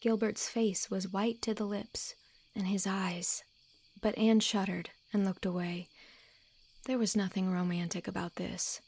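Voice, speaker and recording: A woman narrating a classic novel as an audiobook, reading in an expressive, measured storytelling manner. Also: mid-range voice, slightly rough. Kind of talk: scripted narration.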